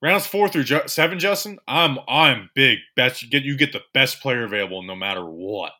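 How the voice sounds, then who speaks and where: A man co-hosting a casual sports podcast, animated and repeating himself as he talks. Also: mid-range voice, moderate pace. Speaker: podcast co-host.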